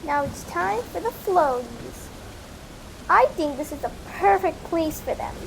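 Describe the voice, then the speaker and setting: Toy doll woman, voiced by a woman, chatty, sighing to herself, very high-pitched, unhurried. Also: lively intonation, gravelly, a little hiss or hum, full character voice. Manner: chatty, talks to herself with little sighs. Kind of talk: toy doll play voice acting.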